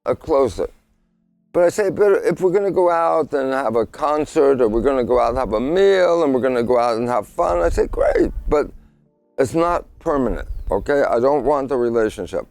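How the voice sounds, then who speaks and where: Older guy, science type, telling a story all lively, acts out what everyone said. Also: medium pitch, fast, no room sound, soft background music. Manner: lively storyteller who acts out his own quoted lines. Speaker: guest scientist. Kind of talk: casual storytelling interview.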